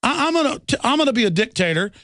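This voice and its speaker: A man's voice: very high voice, very animated, racing, a bit bright, slight background noise, pitched above the performer's own voice, heavily acted. A man sarcastically mimicking a smug male president in a raised, sing-song voice. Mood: sarcastic.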